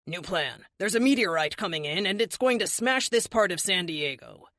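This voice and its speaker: A woman's voice: fairly low pitch, lively intonation, moderate pace, a bit bright, no room sound. A woman voicing a determined young hero leader. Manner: earnest, dry sarcasm.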